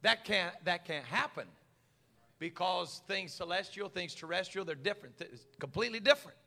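A preacher with a high, gravelly, bright voice. He talks folksy and stammers, then erupts into shouts. Fiery, conversational sermon delivery. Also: animated, normal speed. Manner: fiery, swings from quiet asides to shouting.

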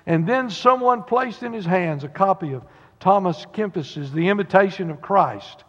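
Speaking at a moderate pace, this man has a high, fairly bright voice. He's a pastor giving a sermon in a homey, conversational style full of Southern expressions, and the sanctuary recording sounds dull under a long reverb.

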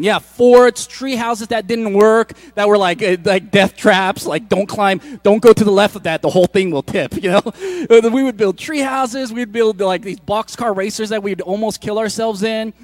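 A middle-aged pastor giving a relaxed, conversational sermon to his church, with joking asides and frequent restarts. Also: high-pitched, no room sound.

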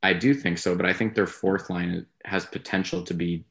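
This podcast co-host is a man whose voice is extremely deep and gravelly. Talking sports in a loose, casual way, he wanders through his thoughts, qualifies what he says, and keeps his delivery measured, level, and flat.

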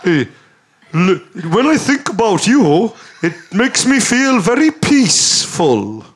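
A man's voice: high voice, sing-song, takes it slowly, pitched above the performer's own voice, full character voice. A man putting on a mock Scandinavian accent as a flirty, dreamy male celebrity. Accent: Scandinavian put-on. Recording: background noise.

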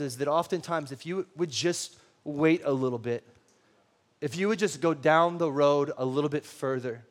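Guy preaching, kinda high voice, chatty and jokey, talks right at the crowd. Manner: conversational and joking, talks straight to the congregation. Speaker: pastor. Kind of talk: sermon with personal storytelling.

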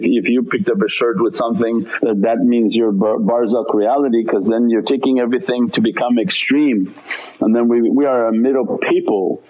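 A man teaching on spiritual matters and answering questions, calm and unhurried, with Arabic devotional phrases throughout. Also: medium pitch, phone-quality sound. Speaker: Sufi teacher. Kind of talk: religious talk answering questions.

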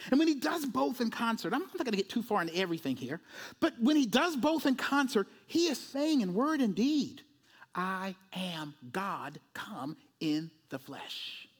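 High-pitched guy preaching, lively, acts out the characters, keeps saying right?. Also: a little fast, husky. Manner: animated, acts out voices, asks "right?" often. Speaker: pastor. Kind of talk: sermon.

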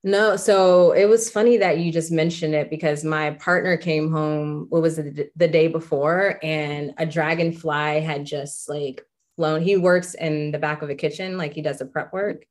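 A woman co-hosting a casual chat, telling a story in a relaxed way with many fillers. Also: deep voice, normal speed. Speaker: podcast co-host.

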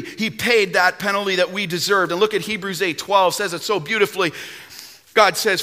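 A man preaching a sermon as pastor, emphatic and animated, now and then breaking into song. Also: sits high, normal speed, in a large hall.

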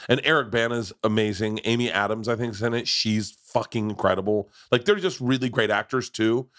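A man's voice: on the low side, fairly quick, fairly bright tone. A middle-aged man hosting a podcast, telling stories in a boisterous, profane, casual way. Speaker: podcast host.

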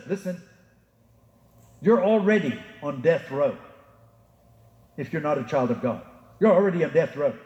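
Male pastor, sermon, emphatic preaching, high voice, echoey church hall. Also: darkish tone. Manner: emphatic preaching, rising for quotes, dropping low to address listeners. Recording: echoey hall with long reverb.

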